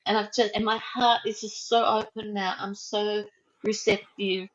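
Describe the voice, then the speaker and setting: A woman speaks softly and with feeling, her words slowing and trailing away as she recounts something close to her heart. The recording has a dull, slightly muffled lo-fi tone. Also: mid-range voice, little pitch movement. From Australia. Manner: soft, slow and heartfelt, trailing off. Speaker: guest. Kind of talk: emotional personal storytelling.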